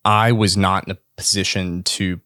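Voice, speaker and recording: A man's voice: sits low, little pitch movement, moderate pace, sharp tone, no echo, studio quality. A young man from Texas co-hosting a casual comedy podcast, jokey and earnest by turns. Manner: jokey, earnest when thanking people. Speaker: podcast co-host.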